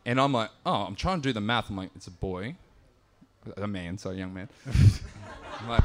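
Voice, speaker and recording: Lively sweary Australian man. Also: mid-range voice, a little fast, pauses often. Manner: animated, sweary, laughing through the telling. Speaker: comedian telling a story. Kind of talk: live stand-up storytelling.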